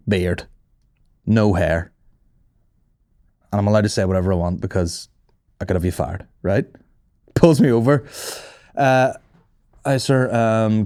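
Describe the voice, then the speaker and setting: A man, a comedy podcast host telling stories in a profane, animated way and acting out the other voices. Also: low voice, no echo, clean studio sound. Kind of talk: casual storytelling chat.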